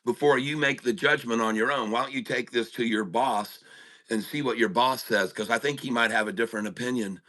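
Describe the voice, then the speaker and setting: Joke frog, male, smooth-talking, ribbits, bright tone; a man voices it. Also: medium pitch, brisk, lightly acted. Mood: sly. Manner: croaks the odd ribbit.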